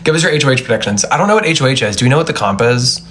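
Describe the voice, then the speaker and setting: A man's voice: mid-range voice, expressive, very fast, fairly bright tone, a little hiss or hum. A man hosting a casual phone live stream from home, chatty and rambling, often laughing. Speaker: livestream host. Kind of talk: casual chat. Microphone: phone livestream.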